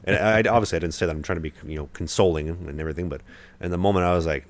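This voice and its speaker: A man's voice: low voice, racing. A young man hosting a podcast, telling a long story in casual chat with lots of fillers and restarts. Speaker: podcast host, hockey goalie.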